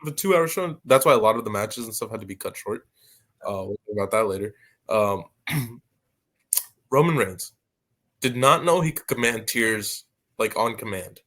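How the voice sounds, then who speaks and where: A man's voice: on the low side, expressive, moderate pace, long pauses, pushed and bright. Blunt young man, casual podcast talk. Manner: blunt, offhand opinions. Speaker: co-host.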